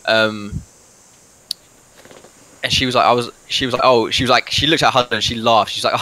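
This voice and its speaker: A man's voice: medium pitch, steady tone, fairly quick, pauses often, bright, forceful tone, rough recording. A man from England playing a tabletop game over a voice call, casual and rambling, often laughing at himself. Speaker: player. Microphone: headset or desk mic on a voice call.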